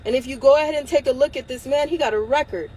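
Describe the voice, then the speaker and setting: High-voiced woman ranting on a livestream. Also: fast, warm tone, slight background noise, low-quality recording. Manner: angry and defiant, swearing, laughing through tears. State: close to tears. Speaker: livestream host. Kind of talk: impassioned livestream rant.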